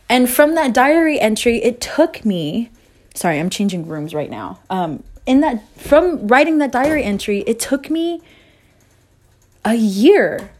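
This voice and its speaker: A woman's voice: on the high side, expressive, unhurried, a little mellow. Candid woman rambling about her breakup. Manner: candid, rambling, swears freely. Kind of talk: casual personal vlog monologue. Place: moving between rooms at home.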